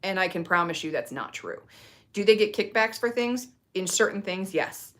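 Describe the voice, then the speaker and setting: A woman's voice: medium pitch, animated, normal speed, a bit bright. A woman herbalist giving casual advice in a chatty, earnest way, with frequent fillers and restarts. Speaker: herbalist host.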